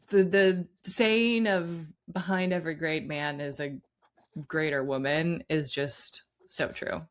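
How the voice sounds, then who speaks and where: A woman's voice: lowish voice, clean tone. A woman co-hosting a sports podcast, talking casually with lots of fillers. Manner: chatty, many "like" fillers. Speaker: podcast co-host.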